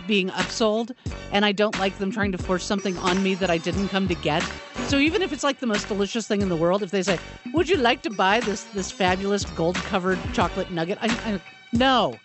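A man co-hosting a radio show and reading the news, with a dry, self-deprecating manner. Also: high-pitched. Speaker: radio news reader and co-host.

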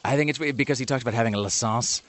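A male radio host in loose on-air banter, talking quickly and rambling through fillers and restarts. He slips into animated little impressions as he goes. His pitch sits in an ordinary middle range.

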